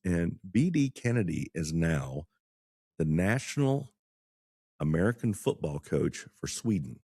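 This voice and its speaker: A man's voice: low voice, very animated, a little slow, mellow, slightly rough, no echo, clean studio sound. A man in his sixties, a former attorney turned teacher, chatting as a podcast guest and telling stories with frequent laughs. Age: 60s. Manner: chatty storyteller who laughs often. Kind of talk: casual podcast conversation.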